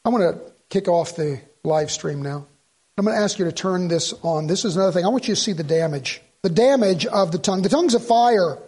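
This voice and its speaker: A middle-aged pastor preaching a sermon in a church sanctuary. His voice sits fairly high for a man. He tells the story as he goes, slips into the voices of its characters, and often repeats or restarts his words. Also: a little fast, a little mellow, slightly rough.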